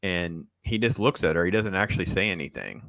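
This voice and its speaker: Man, stream host, sarcastic, animated, low-pitched, bright tone, dry sound. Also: a little fast, creaky, no room sound. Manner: animated, sarcastic riffing to viewers. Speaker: show host. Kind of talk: casual reaction-stream commentary.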